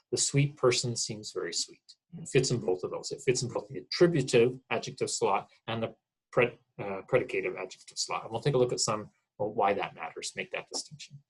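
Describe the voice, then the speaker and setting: Husky-voiced man giving a grammar lecture. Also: mid-range voice, rough recording. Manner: casual, explanatory, frequent "um" and "okay?" checks. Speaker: college English instructor.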